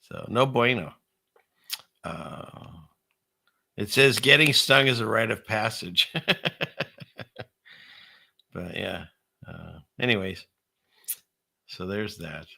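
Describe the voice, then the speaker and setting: A man's voice: lowish voice, slow pace, creaky, long pauses, pushed and bright. A middle-aged man hosting a casual, rambling commentary show with a conspiratorial, chuckling manner. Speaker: channel host.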